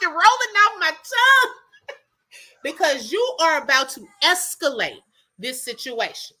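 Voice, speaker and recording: A woman chats with her viewers as she tells a story, her voice high and sweeping up and down. She sounds bright and animated, breaking into laughs easily. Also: moderate pace. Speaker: livestream host chatting with viewers. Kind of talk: casual storytelling chat.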